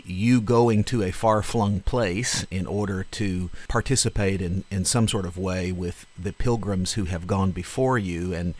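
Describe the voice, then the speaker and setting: Male radio host, low voice, unhurried and affirming interviewer. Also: a little mellow. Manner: unhurried, affirming, slightly halting.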